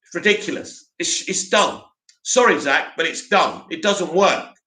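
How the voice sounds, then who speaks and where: A man's voice: a little high, animated, measured pace, sharp tone, echoey room, poor audio. A man hosting a live stream, answering chat messages with blunt, opinionated rants.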